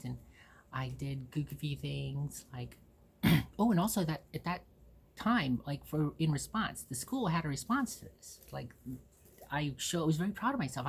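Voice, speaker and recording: Hosting her own show, an Ohio woman in her forties tells personal stories casually and at length, cursing without restraint and voicing the people involved. She speaks in a low, gravelly, darkish voice that's slightly rough.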